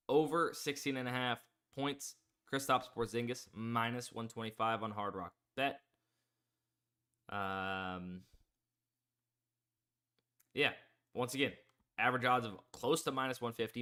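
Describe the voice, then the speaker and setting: Bright-voiced man hosting a betting stream. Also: lowish voice, clean tone. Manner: rambling, filler-heavy, promo-pushing. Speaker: sports betting livestream host. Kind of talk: casual live stream commentary.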